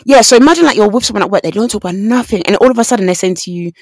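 Brief: young woman, podcast co-host, lively storyteller who acts out quotes, dry close sound. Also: mid-range voice, racing, no room sound. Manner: animated storytelling with voiced quotes. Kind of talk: casual chat.

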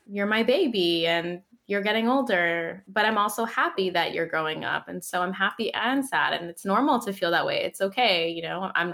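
A woman's voice: medium pitch, fairly bright tone. A woman in her thirties in a casual podcast conversation, telling stories animatedly and laughing often.

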